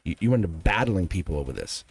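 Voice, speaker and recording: Earnest low-voiced man reading tarot. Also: sing-song, fast, breathy edge, no room sound. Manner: earnest, emphatic, speaks straight to viewer. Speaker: tarot reader.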